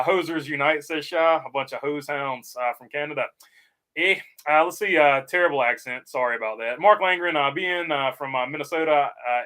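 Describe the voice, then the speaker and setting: Male stream host, slightly high voice, laid-back chat, heavy on "uh" fillers. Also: fairly bright tone. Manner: frequent "uh" fillers, easygoing. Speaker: livestream host reading chat. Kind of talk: casual livestream chat.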